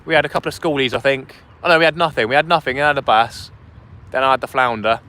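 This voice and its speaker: A man's voice: mid-range voice, fast, sharp tone. Guy chatting to his stream while fishing by the sea wall, phone mic, a bit of faint outdoor hiss. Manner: chatty, reads out chat and thanks donors. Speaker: fishing livestream host. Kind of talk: casual live-stream chat. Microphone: phone streaming vertically.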